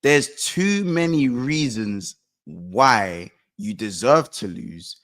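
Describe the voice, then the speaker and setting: A man's voice: medium pitch, expressive, takes it slowly, a bit bright. A man, bluntly venting about a football loss over a call in casual slang. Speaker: football channel co-host.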